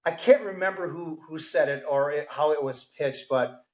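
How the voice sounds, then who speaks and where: Firefighter guest, enthusiastic storyteller, higher voice, dull lo-fi audio. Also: male voice, moderate pace. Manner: enthusiastic storyteller, many ums and restarts. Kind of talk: casual podcast conversation.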